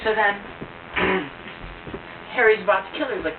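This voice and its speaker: A man's voice: high-pitched, moderate pace. A young man jokingly retelling a movie plot at home, rambling and laughing at his own jokes. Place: living room at home. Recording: tinny, distant, noisy home video.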